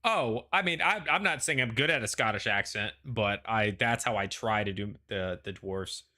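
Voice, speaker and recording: Male host, bright tone, loose chatty delivery with plenty of hedging. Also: fairly low pitch, moderate pace. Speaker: show host. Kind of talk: casual pre-show chat.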